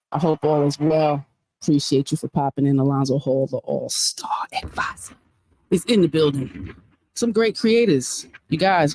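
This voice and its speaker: Speaking in a low register with no echo, a woman runs a casual livestream. She's lively and sermonizing, driving home each point through emphatic repetition.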